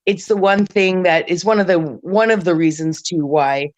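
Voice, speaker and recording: A woman hosting a casual live-streamed panel chat, talking at length with a raspy smoker's voice and lots of restarts. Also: lowish voice, moderate pace. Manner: rambling, talkative, many restarts. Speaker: stream host. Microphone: remote stream call.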